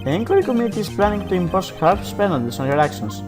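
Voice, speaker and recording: A man voicing a hesitant, fussy elderly judge from a game, pausing often as he talks. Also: high-pitched, big pitch swings. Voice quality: hesitant, halting. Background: background game music.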